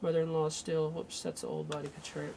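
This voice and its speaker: A man's voice: on the high side, very animated, fairly quick, vocal fry, a little mellow, a little hiss or hum. A man working as an energy healer, thinking aloud and breaking off mid-sentence as he runs a live remote healing session. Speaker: radio show host.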